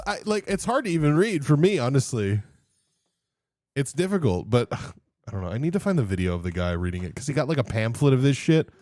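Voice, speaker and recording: A man's voice: mid-range voice, darkish tone. A young man livestreaming, chatting casually with viewers, laughing often, rambling and swearing freely. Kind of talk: casual stream chat.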